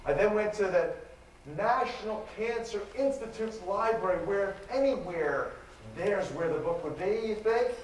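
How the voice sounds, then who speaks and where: A man giving a live lecture, telling a story in an animated, dramatic way. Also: high voice, measured pace. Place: lecture hall. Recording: echoey hall, distant mic, faint noise.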